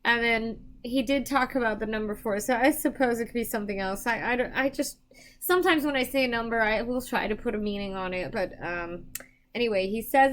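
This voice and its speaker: A young adult woman giving psychic readings on a live stream, chatting casually with viewers, emotional and quick to laugh. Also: fairly high pitch. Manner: emotional, chatty, laughs often, self-deprecating.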